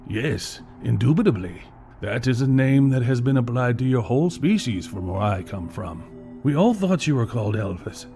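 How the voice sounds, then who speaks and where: A man voicing a calm, grand alien jellyfish being who speaks stiffly and formally with an odd accent. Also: medium pitch, moderate pace, faint music behind, close to an everyday voice.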